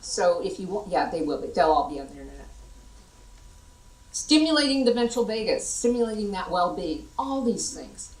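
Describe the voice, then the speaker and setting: A middle-aged American woman giving a lively conference workshop and demonstrating vocal tones to the audience. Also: fairly low pitch, moderate pace. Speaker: workshop presenter. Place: large conference hall. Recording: echoey hall, voice from far off.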